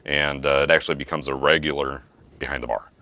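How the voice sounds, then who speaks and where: A man's voice: very deep voice, little pitch movement, fast talker, bright, forceful tone, dry recording. A man co-hosting a casual rum review show at a home bar, playful and teasing. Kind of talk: casual tasting chat.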